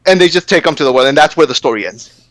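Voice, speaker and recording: Fired-up man, fairly high voice, cursing and stammering in a casual rant, dry close sound. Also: fast talker, dry recording. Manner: profane, animated, stammering.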